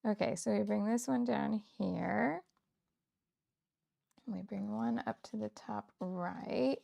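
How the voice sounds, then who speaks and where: A scrapbooking livestream host from Kansas chats casually while crafting, laughing often and musing out loud. She has a medium-pitched, warm voice with vocal fry and speaks at a slow pace.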